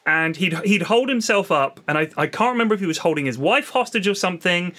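A man's voice: high-pitched, animated, fast talker, sharp tone. An Englishman hosting a casual podcast chat, jokey and sweary, spinning stories.

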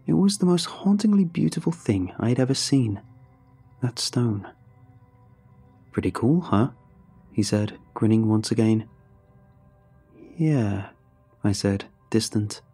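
A man narrating a first-person horror story in a steady, measured telling. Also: lowish voice, husky. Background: faint music.

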